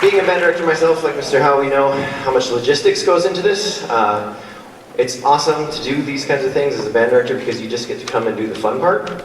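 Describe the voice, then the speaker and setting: A man's voice: medium pitch, quick pace, a crowd in the background. Band conductor guy a bit out of breath, chatty and rambly, faint room hum, gym echo all around. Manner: friendly, rambling, with fillers and restarts. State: a little out of breath. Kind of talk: spoken concert introduction. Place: large school gym. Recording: echoey gym heard from far off.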